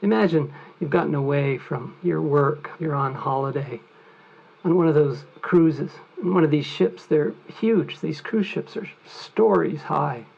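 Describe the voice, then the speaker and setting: Male trainer, gravelly, storytelling lecture, dull lo-fi audio. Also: a little high, measured pace, darkish tone. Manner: vivid, conversational storytelling. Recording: muffled lo-fi recording.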